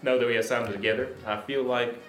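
A man's voice: medium pitch, fairly even intonation, fast, fairly bright tone, roomy sound, soft background music, close to an everyday voice. A man voicing a brash, cheery male clown in a tabletop game, talking in a folksy, boisterous way.

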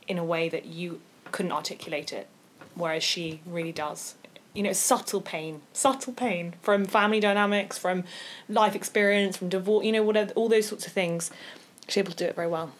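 A woman's voice: lowish voice, normal speed, slight background noise. A woman co-hosting a podcast in casual chat, talking enthusiastically with emphatic repetition. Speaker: podcast co-host.

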